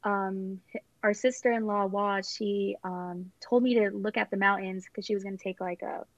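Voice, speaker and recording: Giggly young woman with gravelly fry. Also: medium pitch, fairly even intonation, moderate pace, dry recording. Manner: rambling, giggly, many fillers. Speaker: guest telling her engagement story. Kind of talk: casual chat. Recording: dull lo-fi sound.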